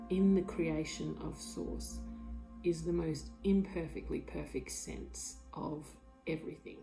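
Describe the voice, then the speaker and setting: A woman with a dark, mellow voice and a gravelly edge tells her story with excitement. She drops into whispers and swears now and then, full of fillers. Faint music sits behind her on a lo-fi tablet recording. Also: on the low side. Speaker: vlogger. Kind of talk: emotional personal storytelling. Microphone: tablet mic.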